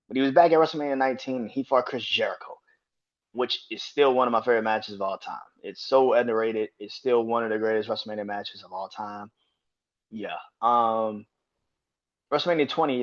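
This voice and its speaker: A man hosting a casual solo podcast, talking in an excitable, profane way, laughing and getting loud when worked up. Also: medium pitch, muffled recording. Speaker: podcast host.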